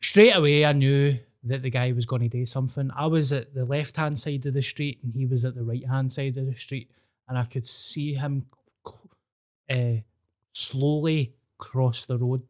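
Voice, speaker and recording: A Scottish man chats casually, swearing as he tells personal stories. His mid-range voice has a steady, slightly mellow tone at normal speed.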